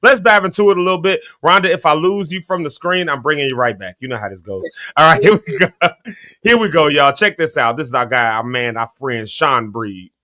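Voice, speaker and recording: Bright-voiced jovial male show host. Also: a little high, lively intonation, fairly quick. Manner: jovial, laughing often. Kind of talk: casual talk show chat.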